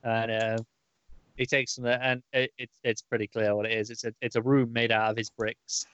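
A man's voice: mid-range voice, flat delivery, normal speed, a bit bright, clean tone, no room sound. A man casually recapping a comic book issue on a podcast, rambling with lots of fillers and restarts. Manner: rambling, many fillers, acts out quoted lines. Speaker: podcast co-host. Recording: dull, dry, lo-fi audio.

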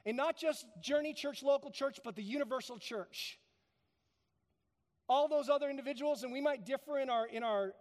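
A man with a high, light voice preaches to his congregation and stays emphatic throughout. He builds to loud peaks and then falls back to soft, quieter lines. Long reverb from a big hall trails every phrase. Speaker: pastor. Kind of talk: sermon. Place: church sanctuary.

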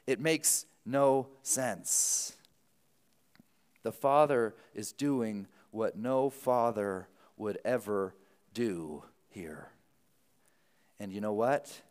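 Guy pastor preaching, lively storytelling, echoey church hall. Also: lowish voice. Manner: animated, lively storytelling with quick asides. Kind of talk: sermon.

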